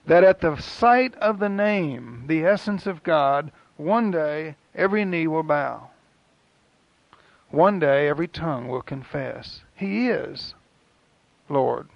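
A man preaching a sermon in an earnest, rhythmic way with dramatic pauses. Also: fairly high pitch, creaky, no room sound. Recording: dull, lo-fi dry recording.

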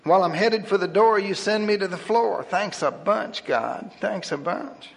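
A man's voice: sits high, steady tone, a little fast, pitched above the performer's own voice. A man voicing an injured male pastor who pleads in a quivering voice, as a storyteller reads a tale aloud. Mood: exasperated. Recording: long hall reverb.

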